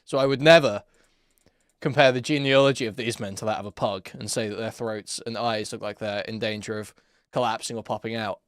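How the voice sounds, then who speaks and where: A man's voice: on the low side, steady tone, brisk, no room sound, studio quality. A man hosting a live-stream commentary, sarcastic and rambling with lots of fillers.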